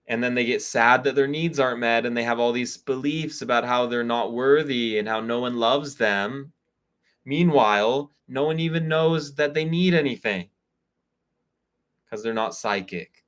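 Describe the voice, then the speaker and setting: A man's voice: mid-range voice, a bit bright. A man hosting an online spiritual call, giving candid, conversational advice on friendships and acting out bits of dialogue. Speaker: spiritual reader and community host. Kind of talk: live online call, casual advice talk. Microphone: video call.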